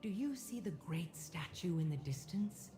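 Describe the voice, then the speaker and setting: An ancient, dying serpent spirit speaks in a low, mellow voice, acted by a woman. She delivers her solemn farewell slowly and tenderly, like a game cutscene's wise guardian. A faint hiss of noise sits under the voice. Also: expressive, lightly acted. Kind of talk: video game cutscene dialogue.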